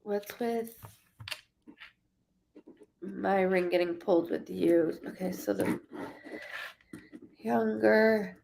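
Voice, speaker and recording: A woman in her thirties giving a live-streamed psychic reading, halting and stuttering, often repeating words as she searches. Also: mid-range voice, fairly even intonation, gravelly, darkish tone, slight background noise. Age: 30s.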